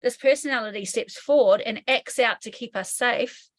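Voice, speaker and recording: NZ woman, hypnotherapy trainer as interview guest; fairly high, candid, swears casually. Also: moderate pace. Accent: New Zealand. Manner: candid, swears casually, acts out inner voices. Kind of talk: explanatory interview talk.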